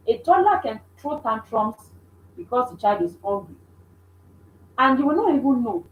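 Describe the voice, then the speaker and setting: Woman, parenting coach, earnest and repetitive delivery, higher voice, faint room hum. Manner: earnest, repeats points, frequent restarts. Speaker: mother. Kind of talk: instructive parenting talk. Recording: echoey room.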